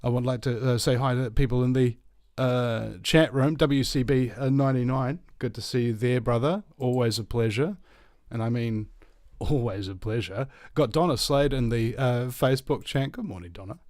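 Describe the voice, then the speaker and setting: A man with a New Zealand accent hosting a radio show, rambling and halting with many fillers and restarts. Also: medium pitch, a little mellow, dry recording, studio quality. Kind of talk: casual radio monologue.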